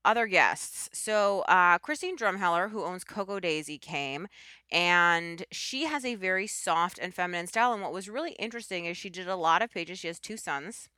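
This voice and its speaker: Female podcast host, lowish pitch, tense bright tone, chatty and rambling. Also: animated, moderate pace, dry recording, studio quality. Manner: enthusiastic, rambling with asides. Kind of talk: casual chat.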